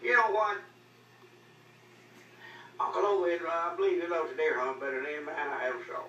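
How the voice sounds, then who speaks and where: A man's voice: fairly high pitch, steady tone, fairly quick, sharp tone, dull audio. An older man, telling rambling folksy stories in a loose, drawling way. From Arkansas. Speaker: storyteller. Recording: echoey, mic far off, faint noise.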